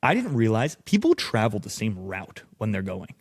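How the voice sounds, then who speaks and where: Young American man, low gravelly voice, casual profane storyteller, dry studio sound. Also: wildly swooping pitch, moderate pace, dry recording. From United States. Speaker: podcast guest. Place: podcast studio.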